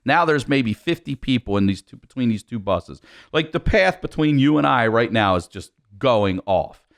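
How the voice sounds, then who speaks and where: A man telling a wild story in animated, profane style on a podcast, often laughing as he goes. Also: medium pitch, moderate pace. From Baltimore, USA. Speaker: podcast guest.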